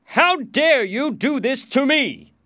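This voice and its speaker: An indignant king from a storybook, proud and furious, as a male reader puts him on. He shouts in a high, strained voice. He cannot believe anyone would treat him this way. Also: lively intonation, takes it slowly, dry recording, studio quality, heavily acted.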